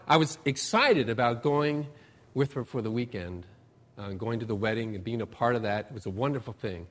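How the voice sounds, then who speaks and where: Folksy middle-aged man preaching a sermon. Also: mid-range voice. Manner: folksy storytelling, rising emphasis then trailing off softly. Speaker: pastor. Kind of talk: conversational sermon.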